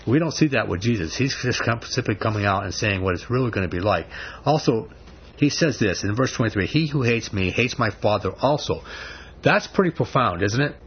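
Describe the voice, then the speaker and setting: A man delivers a sermon in an emphatic preaching voice, driving his points home with rhetorical questions. The recording sounds dull and slightly lo-fi. A faint hiss of background noise sits underneath. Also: fairly low pitch.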